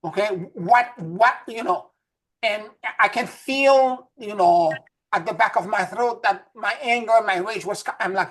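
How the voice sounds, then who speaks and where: A woman's voice: mid-range voice, a little slow. A woman co-hosting a casual spiritual discussion, telling stories with many stammered restarts. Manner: stammering restarts, animated storytelling.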